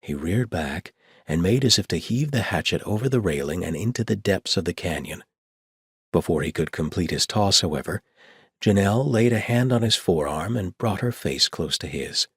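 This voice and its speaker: Deep, husky-voiced male audiobook narrator. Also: lively intonation, moderate pace, dry recording, clean studio sound. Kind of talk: scripted narration.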